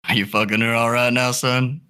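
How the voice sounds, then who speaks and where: An old, creepy dad with a folksy drawl and a soft, gentle way of talking, as a man puts him on. His voice sits low and has a sharp, forceful edge. He keeps calling the young man son. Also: fast. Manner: drawling, calls everyone son or boy; soft-spoken. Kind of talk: improvised comedy sketch.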